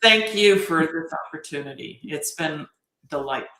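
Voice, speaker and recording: Low-voiced woman guest, agreeing readily. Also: expressive, normal speed, bright, forceful tone. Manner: agreeable, short affirming replies. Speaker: guest speaker. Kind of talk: casual live interview chat.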